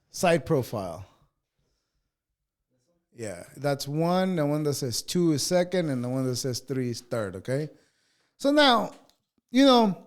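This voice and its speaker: A man co-hosting a podcast, ranting heatedly with constant swearing. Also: a little high. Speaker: podcast co-host. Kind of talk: casual podcast rant.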